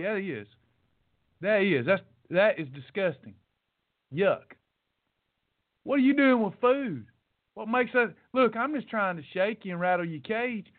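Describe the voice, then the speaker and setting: High-voiced man preaching bluntly, tinny audio. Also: dry recording. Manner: blunt, scolding, teasing, repeats himself for emphasis. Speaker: weight loss podcast host. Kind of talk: preachy motivational rant.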